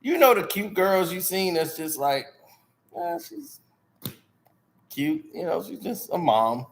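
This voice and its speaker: A man who hosts a channel, telling stories in a casual, slangy, animated way and often laughing. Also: high-pitched, moderate pace, vocal fry, slight background noise. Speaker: channel host. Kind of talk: casual storytelling.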